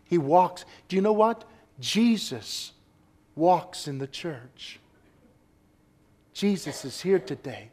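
A man delivers a sermon in a notably high voice. He preaches emphatically, climbing to forceful exclamations, then dropping to hushed asides. He keeps calling out for responses from his congregation. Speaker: pastor.

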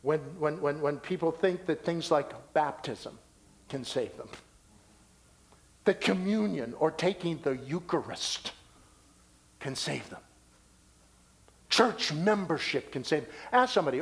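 A man's voice: fairly high pitch, lively intonation, unhurried, pauses often. Emphatic, wide-ranging male preacher. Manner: emphatic preaching that swings between loud declarations and hushed asides. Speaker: pastor. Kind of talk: sermon.

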